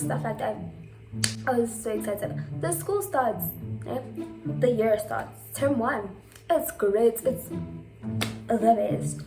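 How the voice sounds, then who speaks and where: A woman's voice: on the high side, animated, takes it slowly, long pauses, over music. A teenage girl telling a storytime, chatty and full of "like" fillers. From South Africa. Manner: chatty, filler-heavy retelling with lots of "like". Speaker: vlogger. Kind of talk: casual storytime.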